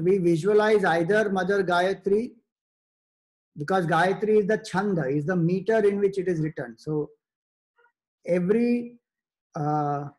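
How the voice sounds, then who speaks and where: A man gives a spiritual discourse in a fairly high voice for a man. He explains slowly and carefully, in short phrases broken by pauses. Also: a little mellow. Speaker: spiritual teacher.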